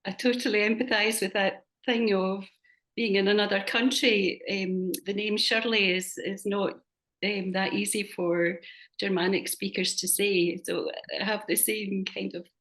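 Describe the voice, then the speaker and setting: A woman facilitating a supervision workshop on a video call, calmly explaining a point. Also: mid-range voice, unhurried.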